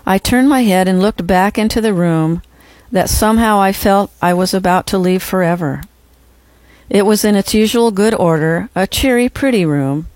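Measured, reverent audiobook narrator. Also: mid-range voice, a little mellow, dry recording. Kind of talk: audiobook reading of a first-person memoir.

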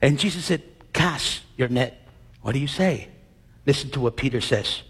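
A man's voice: medium pitch, expressive, a little fast, slightly rough, in a large hall. A man preaching a sermon, acting out Bible scenes and quizzing his congregation with questions.

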